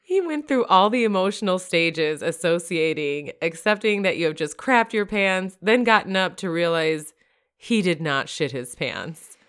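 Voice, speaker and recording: Low-voiced woman podcast co-host. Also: measured pace, smooth. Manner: relaxed, laughs easily. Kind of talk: casual chat and reading stories aloud.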